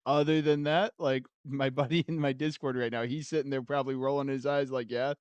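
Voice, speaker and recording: A man's voice: medium pitch, flat delivery, brisk, clean tone, dry recording, highs cut off. A man streaming a game and chatting casually with viewers, laid-back and laughing often between his thoughts.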